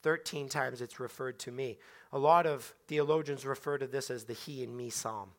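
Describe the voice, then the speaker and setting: A man preaching a sermon, repeating words and swinging from hushed tones to loud, slow scripture quotes. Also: medium pitch, fairly even intonation. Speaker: pastor.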